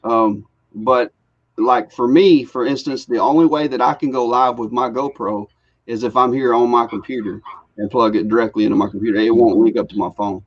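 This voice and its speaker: A middle-aged man, co-hosting a casual live show and telling stories with lively quoted voices. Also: medium pitch, a little fast, husky. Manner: animated storyteller acting out quoted voices. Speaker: co-host of a live reseller show. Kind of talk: casual chat. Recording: muffled lo-fi live stream audio.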